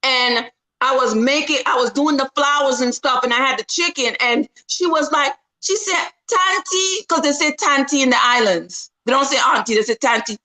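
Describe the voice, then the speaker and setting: A woman with a Jamaican accent chatting on a video call, playful and teasing, often loud and animated. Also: high voice, moderate pace, poor audio. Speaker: party guest. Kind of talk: casual chat.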